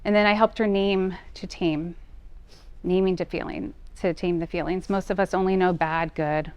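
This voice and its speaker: Earnest woman with a low, dry voice. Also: steady tone, moderate pace, darkish tone, clear, resonant tone, no room sound, muffled recording. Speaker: parent coach. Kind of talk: personal talk.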